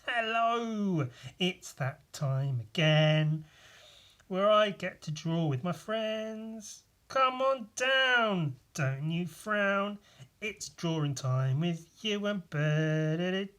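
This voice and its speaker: A chirpy children's television drawing presenter, sing-song and sugary, drawing out every word, as a man puts the voice on. The voice sits high above a normal speaking range. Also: expressive, very slow, fairly bright tone, exaggerated voice. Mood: cheery. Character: cheery male children's TV drawing host.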